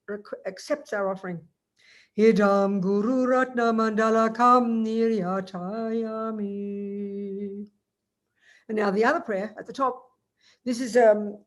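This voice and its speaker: A woman teaching Buddhism in a relaxed, chatty way, often asking her listeners rhetorical questions. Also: mid-range voice. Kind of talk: informal dharma teaching.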